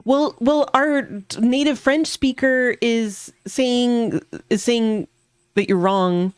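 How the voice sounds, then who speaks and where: A woman's voice: fairly high pitch, slow pace, smooth, dry recording, studio quality. A woman streaming a video game, reading the dialogue aloud and joking around in a playful, giggly way. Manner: playful, giggly, jokey asides. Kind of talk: casual let's play commentary, reading game dialogue aloud. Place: home streaming setup.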